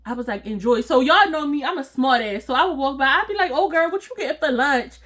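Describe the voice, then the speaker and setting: High-voiced woman telling a story, laughing. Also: fast. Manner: animated and slangy, laughing often. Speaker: storytime vlogger. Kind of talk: casual storytelling to viewers.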